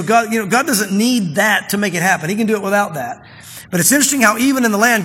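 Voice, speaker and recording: A man preaching a sermon as pastor, chatty and plain, slowing down to read scripture with emphasis. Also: sits high, bright, forceful tone, slightly rough. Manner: conversational preaching, reads scripture slowly and with emphasis. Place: church sanctuary. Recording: long reverb of a church hall.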